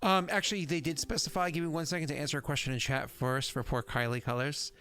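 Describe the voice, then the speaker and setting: Gravelly guy rambling away as gm, lotta ums, bit high voice. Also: fairly even intonation, fast talker, pushed and bright. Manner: rambling, chatty, lots of fillers. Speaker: game master. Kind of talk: casual chat running a tabletop game stream.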